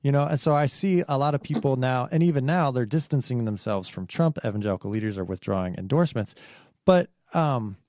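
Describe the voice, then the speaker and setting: A man in a casual podcast conversation, speaking earnestly and haltingly, often restarting his sentences. His voice sits at an ordinary middle pitch. The recording is close and dry. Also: darkish tone, dry recording. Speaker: podcast co-host.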